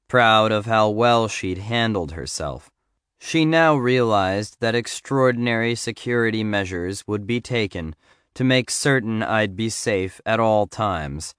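A man narrating a first-person memoir audiobook in a measured storytelling delivery. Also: lowish voice, expressive, fairly bright tone, smooth, no echo, clean studio sound.

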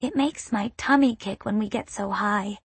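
A woman voicing a sleepy, innocent five-year-old girl with a soft, mumbling voice. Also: medium pitch, moderate pace, slightly rough, no echo.

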